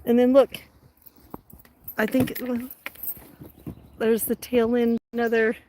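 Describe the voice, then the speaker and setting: A woman's voice: on the high side, takes it slowly, slight background noise. Chatty middle-aged woman livestreaming outdoors. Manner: chatty and excitable, talks straight to viewers. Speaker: livestream host. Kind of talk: casual livestream chat.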